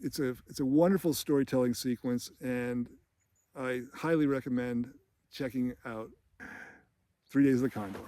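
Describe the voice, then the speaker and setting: A man's voice: mid-range voice, moderate pace, warm tone, no room sound. A man hosting a podcast, retelling a film sequence in a loose, chatty way with lots of fillers and small laughs. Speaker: podcast host. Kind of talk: casual film commentary.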